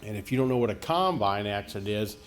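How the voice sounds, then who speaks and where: A middle-aged man from the rural United States doing a stand-up comedy set, telling folksy, deadpan stories and chuckling at his own punchlines. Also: on the low side, fast talker. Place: comedy venue stage before a live audience. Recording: echoey live venue with loud audience laughter.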